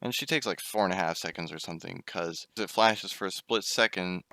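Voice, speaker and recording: A man's voice: low voice, fairly quick, creaky, pushed and bright, dry recording. A young man telling a casual story while gaming, chatty, swearing and breaking off to react to the game. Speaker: gaming YouTuber.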